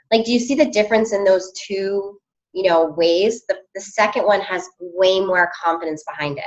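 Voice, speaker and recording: A woman's voice: medium pitch, moderate pace, lo-fi sound. A woman coaching her team on a call, upbeat and chatty with many fillers.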